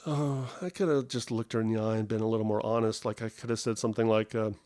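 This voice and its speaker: A man's voice: lowish voice, fairly even intonation, fast talker, a little mellow. A middle-aged man hosting a solo podcast from home, telling a story in a rambling, self-interrupting, wry and self-mocking way. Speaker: podcast host.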